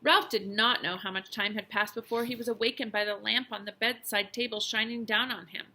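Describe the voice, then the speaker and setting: A woman teacher reads a children's novel aloud in a mid-range voice at a brisk pace, bringing expressive storytelling and lively emphasis.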